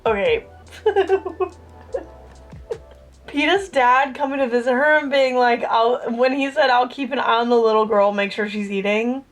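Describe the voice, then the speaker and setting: A woman's voice: fairly high pitch, unhurried, soft background music. A young woman, chatting casually in a reading vlog, ranting and swearing freely. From Southern US. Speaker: book vlogger.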